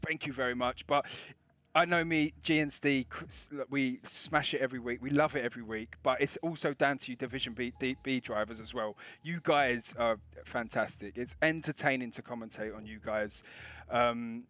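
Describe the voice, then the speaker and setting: A man's voice: mid-range voice, moderate pace, fairly bright tone. Chatty man hosting race commentary. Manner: chatty, upbeat, thanks the viewers. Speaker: commentator hosting podium interviews. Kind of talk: casual live-stream commentary.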